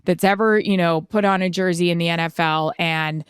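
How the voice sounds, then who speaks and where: A woman in her thirties co-hosting a podcast, telling a personal story in an animated, casual way and acting out the people she quotes. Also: fairly low pitch, a little fast, smooth, dry recording, studio quality. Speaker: podcast co-host. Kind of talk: casual chat. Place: remote, at home.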